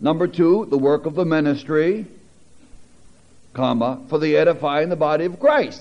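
A man preaching a sermon, reading scripture aloud with teacherly asides and building to emphatic, animated peaks. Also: a little high, moderate pace. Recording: dull lo-fi recording.

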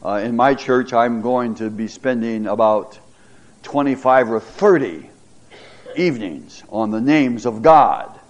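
A middle-aged man, a pastor, teaching a Bible class, reading scripture dramatically and pausing with fillers and repeated words. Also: medium pitch, slight background noise.

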